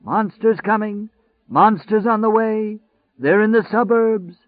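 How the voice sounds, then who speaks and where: A man voicing a hoarse, crazed old man in his sixties who howls frantic, drawn-out warnings. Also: high voice, no echo, pitched above the performer's own voice. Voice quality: hoarse, howling. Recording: narrow phone-like sound.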